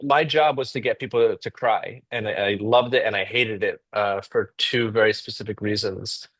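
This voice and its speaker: Animated storytelling man, dry sound. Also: lowish voice, moderate pace, no room sound. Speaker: guest. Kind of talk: casual conversation.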